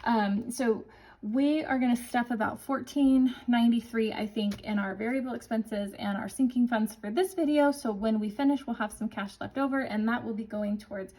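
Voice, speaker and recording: A woman in her forties chatting casually to viewers as a budgeting vlogger, upbeat and chatty, counting cash out loud. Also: a little high, moderate pace, rough recording. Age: 40s. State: slightly winded.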